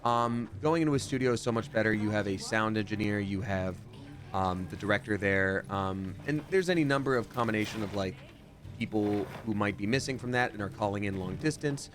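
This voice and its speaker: A man's voice: on the low side, a little fast, a bit bright. A young man chatting casually while playing a game on a livestream, rambling and answering viewers' questions from his home setup. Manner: chatty, rambling, reads chat aloud. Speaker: streamer and voice actor. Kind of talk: casual livestream gameplay chat.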